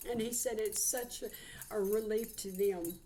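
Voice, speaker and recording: A woman's voice: medium pitch, steady tone, moderate pace, warm tone, slight background noise. A woman, giving a heartfelt channeled psychic reading. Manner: heartfelt, earnest, relays messages.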